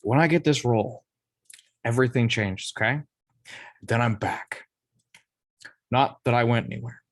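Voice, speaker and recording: A man reading the part of a washed-up male movie star in an amateur script table read, drifting between low mumbles and sudden shouts. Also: moderate pace, no echo, close to an everyday voice.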